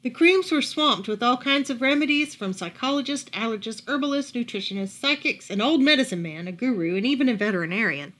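A woman reading a picture book aloud at a library storytime, expressive and lively. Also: a little high, brisk, hardly any pauses.

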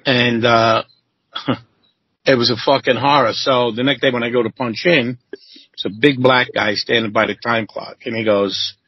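Husky, profane man telling stories. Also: moderate pace, no echo, muffled recording. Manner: profane, animated, acts out quotes in a high voice. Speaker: interview guest, former chef. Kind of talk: casual storytelling.

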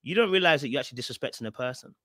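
A man's voice: animated, rapid-fire, a bit bright, dry recording, clean studio sound. A male host commenting on a clip, talking straight to his chat and repeating his points. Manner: repeats phrases, talks to chat directly; mocks others in high exaggerated voices. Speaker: podcast host reacting to a clip. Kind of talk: live-stream commentary.

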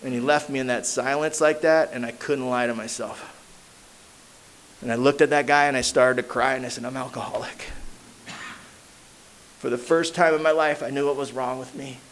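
A man's voice: steady tone, a little fast. A man with a Southern Californian accent telling his recovery story at a meeting in street slang, acting out the voices of people in it. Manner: street slang, lots of "man" and "you know what I mean"; acts out voices with big jumps in pitch and loudness. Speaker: AA meeting speaker.

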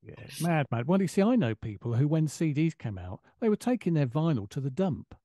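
An older man leads a relaxed radio interview, with a warm, mellow tone. He speaks emphatically and throws in old-fashioned exclamations, and the sound is dry and close. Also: a little high, fairly quick, no room sound. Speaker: radio host.

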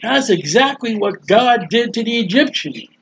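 High-voiced, animated joking preacher. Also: male voice, normal speed, a little hiss or hum. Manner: animated, jokey, acts out scenes. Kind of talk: sermon. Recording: dull lo-fi sound.

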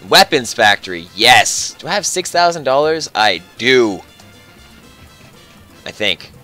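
A man chatting his way through a video game, his pitch jumping all over the place as he jokes and mutters to himself. He sits at a middle height in his voice, casual and playful. A faint strain of game music runs underneath. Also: big pitch swings, takes it slowly, pushed and bright. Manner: playful, joking, thinking aloud while playing. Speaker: gaming channel host. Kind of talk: casual let's-play chat.

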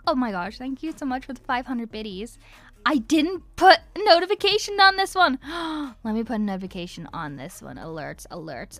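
A voice actress with an Irish accent giggles and chats on a livestream from home, musing aloud as she signs autographs with faint music playing. Her voice sits high and sing-song, a bit bright, at normal speed.

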